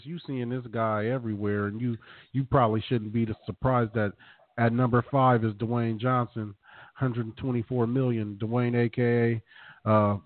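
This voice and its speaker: A man co-hosting a podcast, chatting casually and reading numbers off a ranking with animated emphasis. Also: mid-range voice. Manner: animated, reads out figures from a list. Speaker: podcast co-host. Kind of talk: casual profane banter. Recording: dry, tinny phone-like sound.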